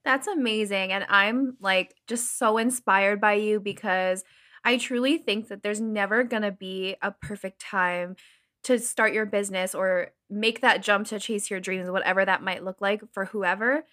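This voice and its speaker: A woman's voice: mid-range voice, steady tone, measured pace, a bit bright. A woman interviewing a guest in an enthusiastic, encouraging way. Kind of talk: interview questions.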